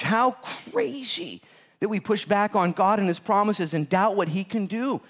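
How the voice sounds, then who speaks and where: Guy pastor preaching, acts out the bible stories, cracks jokes, kinda high voice. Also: moderate pace. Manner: animated storytelling, acts out voices of characters; jokey, laughs at own jokes. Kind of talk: sermon.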